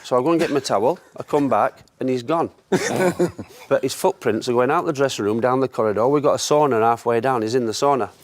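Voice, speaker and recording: A man telling an anecdote in casual conversation as a guest, a lively storyteller who laughs often. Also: mid-range voice, fairly quick. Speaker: former footballer, guest.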